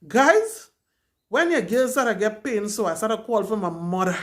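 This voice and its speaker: A woman's voice: medium pitch, sing-song, normal speed. A young woman, candidly and dramatically retelling her own story to camera as a vlogger.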